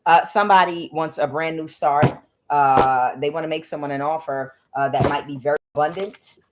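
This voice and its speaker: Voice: medium pitch, fairly even intonation, normal speed, heavy background noise. A tarot card reader giving a casual, rambling reading, with many fillers and blunt asides.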